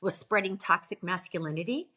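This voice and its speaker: A middle-aged woman, a pastor, chatting as a podcast guest and telling animated stories with frequent laughter. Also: on the low side, fairly quick. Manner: animated storyteller, laughs often. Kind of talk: casual interview chat.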